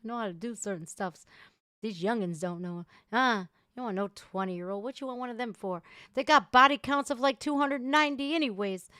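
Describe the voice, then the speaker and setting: A woman hosting a casual livestream, chatting loudly and crudely with her viewers. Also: on the high side, a little fast, clear, resonant tone, no echo, clean studio sound. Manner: loud, bubbly, crude banter with viewers. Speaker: livestream host.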